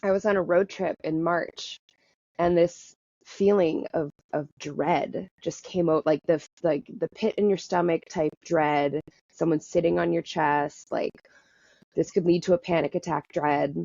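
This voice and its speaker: A woman's voice: low-pitched, fairly even intonation, unhurried, gravelly, dark tone, dry recording, dull audio. A woman guest on a podcast, talking candidly and in a rambling way, often laughing at herself. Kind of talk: candid conversational storytelling.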